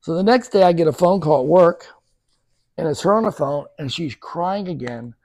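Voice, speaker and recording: Podcast guest, male, fairly high gravelly voice, lively anecdote-teller, dry close sound. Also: normal speed, no room sound. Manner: lively storyteller who acts out quoted dialogue. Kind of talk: conversational storytelling.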